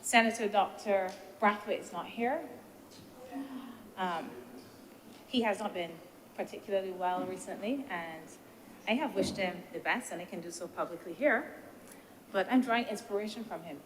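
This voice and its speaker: A woman senator giving a measured, deliberative speech in a senate debate, posing rhetorical questions as she weighs the points. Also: mid-range voice. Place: senate chamber. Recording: reverberant chamber with faint background noise.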